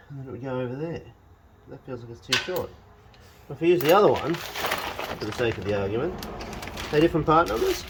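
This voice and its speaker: A home mechanic thinks aloud as he works on his truck in his garage, wryly complaining to the parts and poking fun at himself throughout this casual vlog. He talks briskly at a medium pitch with lively intonation and many pauses, against slight background noise.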